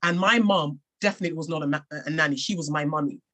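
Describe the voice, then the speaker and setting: A woman's voice: low voice, fast, fairly bright tone. An English woman from England, a podcast guest and author, telling her own story in an earnest, reflective way with frequent restarts. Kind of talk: personal storytelling in a podcast interview.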